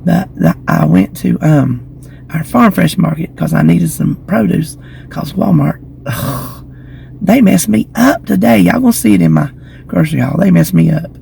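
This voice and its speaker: Casual vlogger, woman, gravelly and a bit hoarse, chatty and gossipy, phone mic outdoors. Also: sits low, expressive, normal speed, warm tone, a little hiss or hum, rough recording. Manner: chatty, gossipy storytelling with giggles. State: slightly hoarse from lingering illness. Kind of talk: casual chat to camera. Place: outdoors in the shade beside a building. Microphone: phone camera.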